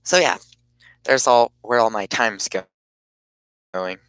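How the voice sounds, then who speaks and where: A man casually chatting on his live stream, rambling in a halting way and often cutting himself off mid-thought. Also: lowish voice, a bit bright, smooth, dry recording, poor audio. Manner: rambling, halting, self-interrupting.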